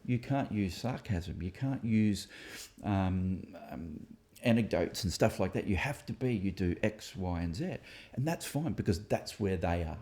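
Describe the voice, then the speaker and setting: A man's voice: low voice, lively intonation, unhurried, mellow. A man hosting a casual discussion, reflective and thinking aloud with fillers and restarts. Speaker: author and host.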